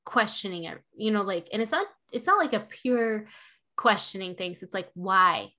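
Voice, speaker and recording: A woman and mother hosting a casual chat, frank and animated, swearing freely. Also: mid-range voice, moderate pace.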